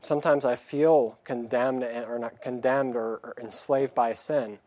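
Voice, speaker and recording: A man's voice: mid-range voice, fairly even intonation, a little slow, warm tone, dry recording. A man preaching a sermon in a plain-spoken way, reading scripture aloud and acting out the pleading voices of the people. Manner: reads scripture aloud in a raised voice.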